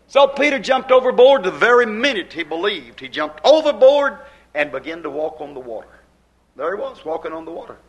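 A middle-aged male preacher with a high, bright voice delivers a fervent sermon. He swings from ringing emphasis down to hushed, quiet asides in a rhythmic preaching cadence.

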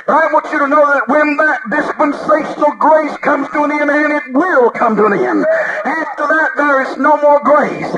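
A man preaching a fervent revival sermon, shouting and calling out to the congregation for amens at a church service. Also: extremely high pitch, normal speed, lo-fi sound, over loud music. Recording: live service with congregation audible.

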